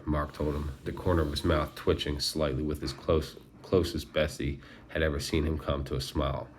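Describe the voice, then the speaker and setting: A man reading a novel aloud in steady, measured narration. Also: very deep voice, a little hiss or hum. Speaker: audiobook narrator. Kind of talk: scripted narration.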